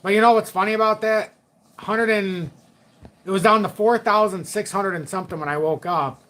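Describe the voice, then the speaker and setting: A man's voice: sits high, fairly even intonation, moderate pace, a bit bright. A middle-aged man hosting a live chat stream, joking, laughing often and swearing casually. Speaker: livestream host.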